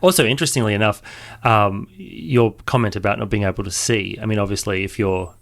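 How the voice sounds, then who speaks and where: A man with an Australian accent tells animated stories as a guest on a casual chat show. His voice sits on the low side, and he builds the tale with relish, piling up details as he goes. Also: a little fast, vocal fry. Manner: animated anecdotal storytelling. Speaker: maritime historian guest.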